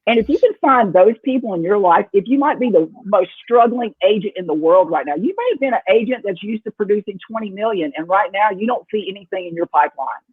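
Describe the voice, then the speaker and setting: A woman's voice: medium pitch, animated, quick pace, hardly any pauses, husky, no echo. A woman talking as a real estate team leader on a video-call panel. She is upbeat and earnest, with a playful streak. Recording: tinny phone-like call audio.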